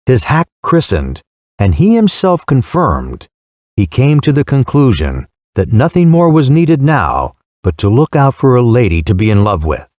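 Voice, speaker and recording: Man, audiobook narrator, measured storytelling, lively pitch, dry close recording. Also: no echo.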